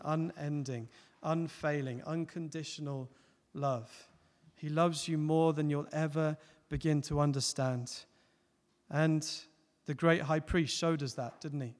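Preacher guy giving a sermon, earnest, gets loud then goes soft, voice on the high side, lots of hall echo. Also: fairly even intonation, a little slow. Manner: earnest, builds to loud emphatic peaks then drops soft. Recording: long hall reverb.

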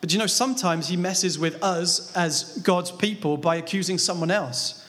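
A man's voice: sits high, moderate pace, fairly bright tone. A man preaching a sermon, talking conversationally and asking his listeners rhetorical questions. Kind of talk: sermon on a Bible passage. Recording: long reverb of a large hall.

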